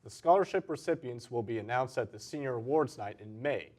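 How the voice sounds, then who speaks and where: Teen boy announcer, mid-pitched, steady school-news read. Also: brisk. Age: teens. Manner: steady, clear read with stressed headlines. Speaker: student announcer.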